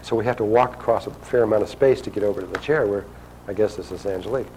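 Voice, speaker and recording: A man's voice: on the low side, fast, darkish tone, a little hiss or hum, rough recording. A man telling a long personal story to an audience, rambling and acting out quotes. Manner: rambling, restarts often, acts out quotes.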